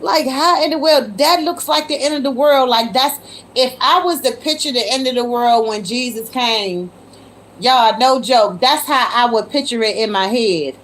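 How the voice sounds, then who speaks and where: Her voice a little high and fairly bright, a woman runs a casual phone livestream at a normal pace. She talks with viewers, addresses them as y'all, and often exclaims in disbelief.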